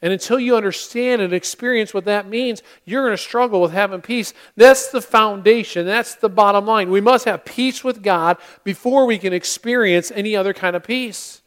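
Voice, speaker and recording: A male pastor delivering a Christmas-season sermon in earnest tones, with dramatic pauses, telling a story with acted-out voices. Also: high voice, fairly bright tone. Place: church sanctuary.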